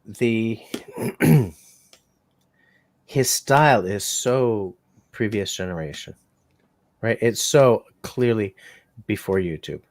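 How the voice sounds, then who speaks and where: A man's voice: lowish voice, animated, slow, long pauses, a little mellow, no echo. Dry, rambling man hosting a livestream. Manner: rambling, joking, self-mocking. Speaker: bushcraft channel host. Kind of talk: casual livestream chat.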